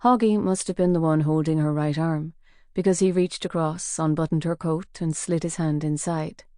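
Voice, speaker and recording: This is a woman's scripted narration of a crime audiobook, delivered in a steady, measured storytelling style. Her voice sits low. The recording is studio quality, free of room sound.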